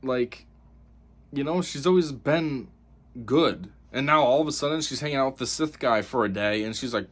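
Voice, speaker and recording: A man's voice: mid-range voice, moderate pace. A man giving a casual spoken review of a TV episode, rambling and exasperated, with lots of fillers.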